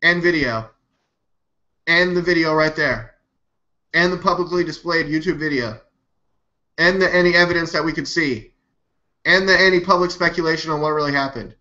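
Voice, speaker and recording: Bright-voiced rambling male stream host. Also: on the high side, normal speed, pauses often. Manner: rambling, animated, skeptical, swears. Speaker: live news show host. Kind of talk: casual live-stream commentary. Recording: dull lo-fi webcam audio.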